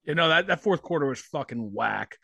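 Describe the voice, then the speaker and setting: A man co-hosting a sports podcast, talking in an animated, excitable way with heavy swearing. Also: fairly high pitch, brisk, creaky, breathy edge, dry recording. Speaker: podcast co-host. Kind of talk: casual sports podcast chat.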